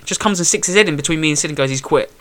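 He talks very fast, his pitch on the high side, as this young boxer relives a fight for friends. Swearing constantly and acting out every line of dialogue, he makes an animated storyteller in a casual setting.

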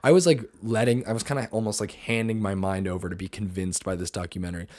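A man's voice: lowish voice, steady tone, fast talker, darkish tone, no room sound, clean studio sound. A young man hosting a podcast, chatting casually and rambling, with lots of fillers. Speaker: podcast host. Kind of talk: casual chat.

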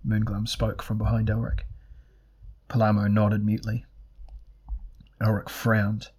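A man reads a fantasy story aloud in a low, husky voice. His narration is measured and deliberate, paced like a scripted audiobook. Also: flat delivery.

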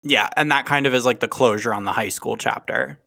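A man co-hosting a podcast, summarizing film plot in casual, steady chat. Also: medium pitch, a little fast, creaky, no echo. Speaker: podcast co-host.

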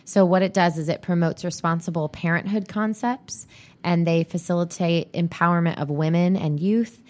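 Easygoing lower-voiced woman co-host. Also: fairly even intonation, normal speed, darkish tone. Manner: easygoing, agreeable, lots of short backchannels. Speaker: podcast co-host. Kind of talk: casual chat.

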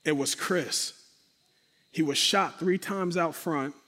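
A man's voice: fairly high pitch, slow pace. A man telling a dramatic personal testimony, speaking directly to his audience and acting out sound effects. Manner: animated, acts out sound effects and quotes. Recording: long reverberant hall.

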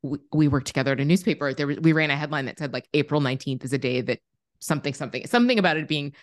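Woman co-host, low voice, blunt casual talker with a salty mouth, close and dry. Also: no echo. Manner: blunt, swears freely, quick reactions. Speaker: podcast co-host. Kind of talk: casual chat.

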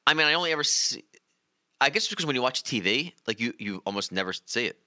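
Fast-talking man with a sharp voice. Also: medium pitch, no echo, clean studio sound. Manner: quick, animated, jokey. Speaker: podcast co-host. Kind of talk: casual chat.

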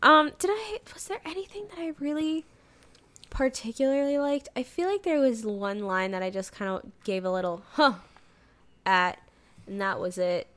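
A woman's voice: high voice, normal speed, a bit bright. Chatty young woman recapping a movie. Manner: chatty, rambling, laughs often. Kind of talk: casual movie recap chat.

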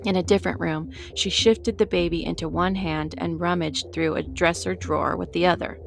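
A woman with a slightly low, creaky voice narrates a story audiobook at a normal, steady storytelling pace while soft music plays faintly in the background.

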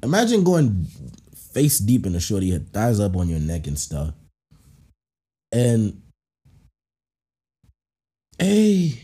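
A man hosting a podcast, reading out listener stories and reacting with animated laughter and playful put-on voices. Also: on the low side, slow, long pauses, husky. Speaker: podcast host.

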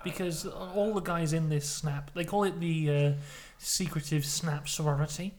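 A man co-hosting a podcast, telling an absurd comic story deadpan, dropping to a hush for suspense. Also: a little high, moderate pace, a little hiss or hum. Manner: deadpan, builds suspense with hushed narration. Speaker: podcast co-host.

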